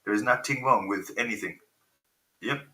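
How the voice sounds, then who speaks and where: A man's voice: lowish voice, moderate pace, sharp tone. A man in his forties hosting a rambling live stream, swearing freely and getting sidetracked by technical trouble. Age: 40s. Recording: roomy echo.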